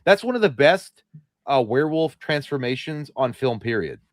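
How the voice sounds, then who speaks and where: Man, opinionated co-host, casual rambling chat, average pitch, dry sound. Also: very animated, normal speed, no room sound. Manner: blunt, opinionated, trails off and restarts. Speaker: podcast co-host. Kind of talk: casual live-stream chat.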